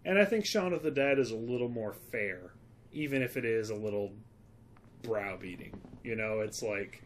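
A man's voice: mid-range voice, a little hiss or hum. A man co-hosting a casual film podcast, talking in an earnest, rambling, opinionated way. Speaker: podcast co-host.

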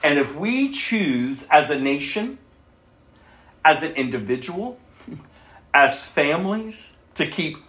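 A man preaching a sermon and reading scripture aloud, swinging between loud bursts and soft asides. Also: a little high, big pitch swings, takes it slowly, long pauses, echoey room.

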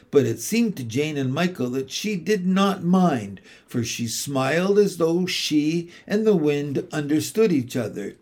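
Expressive male storybook narrator. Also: on the high side. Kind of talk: audiobook reading of a children's classic.

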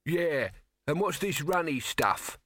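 A man's voice: a little high, lively intonation, slow pace, fairly bright tone, voice pushed up. A man voicing a dry, sarcastic male diner. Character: sardonic male diner in a queue.

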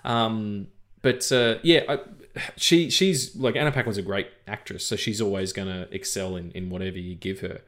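A man's voice: lowish voice, normal speed, fairly bright tone. A man in his thirties co-hosting a casual film podcast, rambling with many fillers and swearing. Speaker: podcast co-host.

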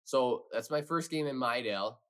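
A man's voice: mid-range voice, normal speed, fairly bright tone. A man guesting on a podcast, rambling through a hockey story in casual chat, full of fillers and swearing.

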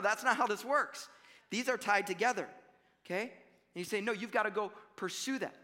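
A young pastor with a high, bright voice preaches a sermon from the front of a church at a quick pace, with a long hall reverb on the sound. His animated, conversational delivery punches key lines loudly, then drops to near-quiet asides.

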